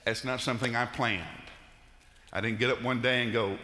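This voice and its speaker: A man's voice: mid-range voice, fairly even intonation, moderate pace, bright, forceful tone. A middle-aged male pastor preaching a sermon in a church sanctuary, telling folksy stories with frequent "uh" fillers. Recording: reverberant church hall.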